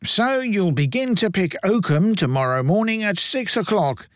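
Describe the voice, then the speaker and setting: A surly, contemptuous gentleman sneers at a frightened boy, as a male narrator puts him on. His voice rises above the reader's normal pitch and comes out slow and scornful in a dry storybook reading. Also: animated, dry recording. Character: surly gentleman in a white waistcoat.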